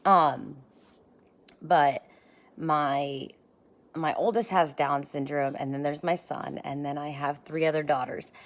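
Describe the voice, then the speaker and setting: This thirtysomething vlogger talks slowly in a low, steady tone, offering casual encouragement into a handheld phone. It's a chatty, bubbly motivational piece to camera, full of rambling asides.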